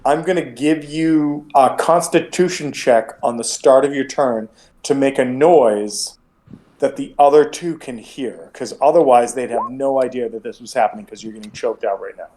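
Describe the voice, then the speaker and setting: A man's voice: medium pitch, normal speed, a little mellow. A man running a tabletop game as game master, talking casually and rambling, with frequent restarts.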